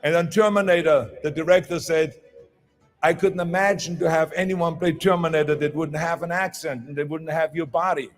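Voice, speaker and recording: A man's voice: on the high side, steady tone, normal speed, faint music behind. An older man with a German accent giving an emphatic motivational speech, with small slips in his phrasing. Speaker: motivational speaker.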